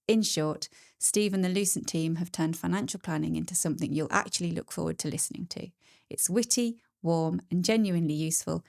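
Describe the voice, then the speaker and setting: A woman's voice: lowish voice, gravelly, a little mellow. A woman in her fifties, a podcast guest who reads a review aloud and chats in a self-deprecating way. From United Kingdom. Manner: self-deprecating, laughs often. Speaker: podcast guest, tax specialist. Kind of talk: casual chat, reading a review aloud.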